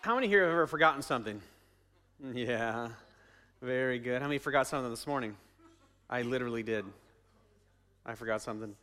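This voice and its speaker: A man's voice: medium pitch, a little fast, pauses often, pushed and bright, soft background music. A man preaching a sermon as pastor, conversational, asking the congregation questions and repeating his phrases.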